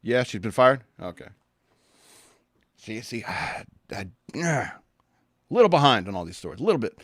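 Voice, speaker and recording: Casual male podcast host, blunt and rambling, medium-pitched, dry close-mic sound. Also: big pitch swings, normal speed, a bit bright, no echo. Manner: sarcastic, blunt, with profanity; rambling with many restarts. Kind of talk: casual opinion rant.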